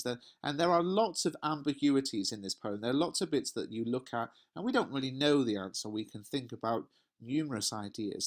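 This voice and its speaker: A man with an English accent teaching a poetry lesson, reading verses aloud and explaining them step by step with rhetorical questions. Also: medium pitch.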